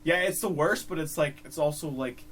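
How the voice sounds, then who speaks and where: Relaxed male co-host, a bit high-pitched, distant mic with faint noise. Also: normal speed. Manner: laid-back, short reactions and laughs. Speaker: podcast co-host. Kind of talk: casual movie review chat.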